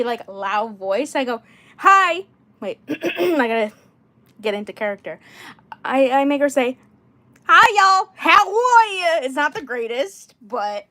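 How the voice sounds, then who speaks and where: A woman chatting casually while showing her dolls, rambling with fillers and frequent throat clearing. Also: a little high. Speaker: doll collector livestreamer.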